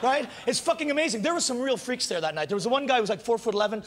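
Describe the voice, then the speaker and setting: A man with a very high voice tells crude stories on a comedy stage, loud and animated, breaking into shouted bursts. The live recording has a faint hiss behind him. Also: very fast. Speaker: stand-up comedian. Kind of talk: stand-up routine.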